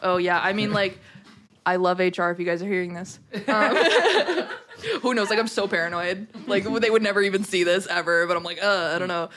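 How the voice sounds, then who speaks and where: A woman from Florida, a podcast guest, telling a story in casual chat, animated and swearing freely. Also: mid-range voice, brisk, a little hiss or hum. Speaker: podcast guest, tarot reader.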